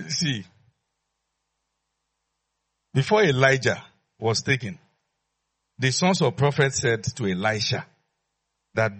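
A man's voice: medium pitch, lively intonation, slow, long pauses, a bit bright, breathy edge. A man preaching a sermon as pastor, emphatic, repeating his phrases and leading call-and-response with the congregation.

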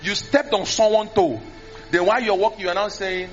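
A preacher, speaking animatedly into a handheld mic, often mimicking prayers and repeating words. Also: male voice, high voice, steady tone, brisk, faint music behind. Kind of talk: sermon. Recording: dull lo-fi sermon recording.

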